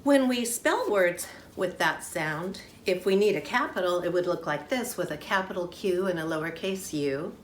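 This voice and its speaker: Woman teacher with a lowish voice for a young children's phonics class, sing-song and clearly sounded-out, recorded in an echoey room. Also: lively intonation, moderate pace, hardly any pauses. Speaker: kindergarten teacher. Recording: echoey room, faint background noise.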